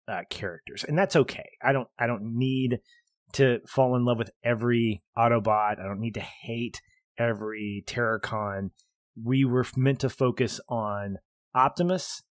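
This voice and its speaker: A man's voice: lowish voice, dry recording, clean studio sound. A man in his thirties co-hosting a film podcast, chatting casually and animatedly with frequent laughter. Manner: animated, laughs often, rambling. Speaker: podcast co-host. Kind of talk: casual film review chat.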